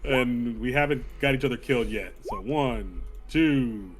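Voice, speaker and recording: A man playing a tabletop game, chatting in a chummy, casual way, his voice jumping up when excited. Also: measured pace. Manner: animated, chummy, pitch jumps up when excited. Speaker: player.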